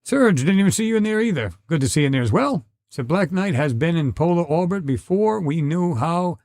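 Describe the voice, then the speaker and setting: Man, middle-aged, live podcast host, rambling casual chat, slightly high voice, dry close sound. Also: lively intonation, a little fast, a little mellow, no echo. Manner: rambling, conversational, many restarts and fillers. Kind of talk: casual live-stream chat reading viewer comments.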